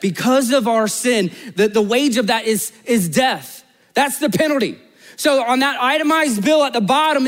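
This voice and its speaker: Male pastor, sermon, high voice, animated storytelling, quiet earnest appeals. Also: in a large hall. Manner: storytelling, voices characters in anecdotes; animated, rises high and loud in stories, drops low and soft for appeals.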